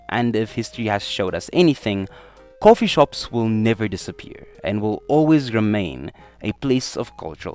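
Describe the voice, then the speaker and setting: A hoarse young man presenting a YouTube video essay, animated and apologetic, stumbling over hard names. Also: mid-range voice. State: hoarse, voice strained from yelling. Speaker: YouTube creator. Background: faint chiptune music.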